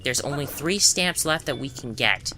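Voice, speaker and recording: A man talks through a game walkthrough in a loose, chatty way, pausing to search for words and dropping wry little asides. His voice sits at an everyday middle pitch. Game music plays clearly behind him. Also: lively intonation. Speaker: gameplay commentator. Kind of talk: casual game walkthrough commentary.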